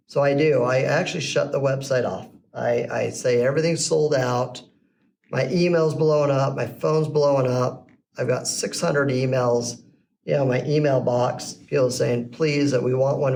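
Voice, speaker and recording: A middle-aged man with a creaky, mid-range voice appears as a podcast guest, casually recounting his business story and vividly voicing the people in it. The mic is a little distant, picking up faint background noise.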